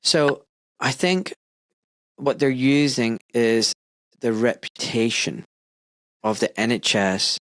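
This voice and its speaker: A man's voice: mid-range voice, slow, long pauses, a bit bright, no room sound. A man hosting a podcast, talking emphatically and with indignation, often mimicking people. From United Kingdom. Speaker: podcast host. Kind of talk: casual discussion.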